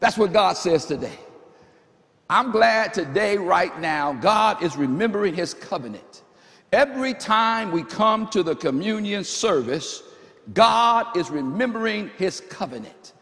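A man's voice: high voice, animated, a little slow, fairly bright tone. A man preaching a sermon as pastor at a church service, fervent and full of repeated phrases. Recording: long hall reverb.

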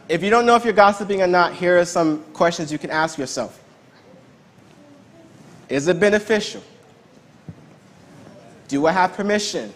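A man preaching a sermon in a conversational, emphatic way, often repeating key words. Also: high voice.

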